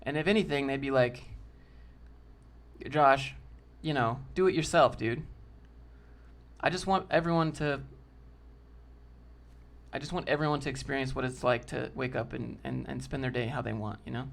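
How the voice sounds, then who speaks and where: A man's voice: medium pitch, fairly even intonation, a little fast, vocal fry. A man hosting a casual livestream, answering chat in a loose, slangy way and calling people dude and bro.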